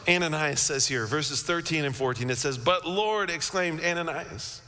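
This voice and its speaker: A man preaching a sermon as pastor, telling the story in an animated way with frequent restarts and repeated words. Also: on the high side, moderate pace. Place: church sanctuary. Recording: long church hall reverb.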